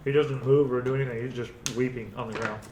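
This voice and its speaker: A man running a tabletop game as game master, narrating and counting damage aloud in an unhurried way. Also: medium pitch, steady tone, background noise. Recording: roomy recording.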